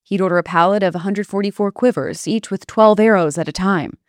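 A woman doing scripted comedic narration in a deadpan way, full of wry asides. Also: mid-range voice, a little fast, no echo, clean studio sound.

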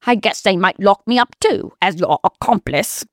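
A woman's voice: medium pitch, expressive, normal speed, dry recording, clean studio sound, close to an everyday voice. A woman voicing a gloomy, grave rich man who fights crime in a mask, in a comedic spoof story. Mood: joking. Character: brooding rich masked vigilante man.

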